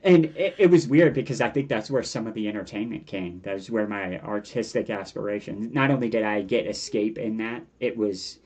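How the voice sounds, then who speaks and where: A man in his forties, a guest chatting casually in an interview, animated and often breaking off mid-thought to quote his younger self. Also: on the low side, a little fast, hardly any pauses. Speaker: podcast guest.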